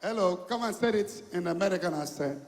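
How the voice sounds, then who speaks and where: Man, Nigerian accent, evangelist, high voice, repeats and coaxes, long church hall reverb. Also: lively intonation, fairly quick. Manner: coaxing, repeats phrases, calls people to stand. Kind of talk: sermon with congregation call-and-response.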